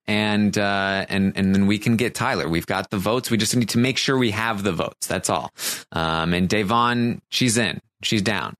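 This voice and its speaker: A man co-hosting a casual recap podcast, talking in a halting way with many fillers and restarts. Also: lowish voice, fairly bright tone, no echo, clean studio sound. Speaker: podcast co-host recapping a reality show.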